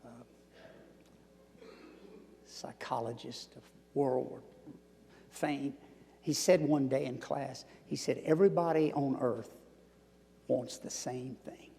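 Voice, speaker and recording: Gravelly Southern man in his sixties. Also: medium pitch, slight background noise. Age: 60s. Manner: storytelling, swings from loud emphasis to near-whispers. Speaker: guest lecturer. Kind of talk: public lecture answering audience. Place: lecture hall. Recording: long hall reverb.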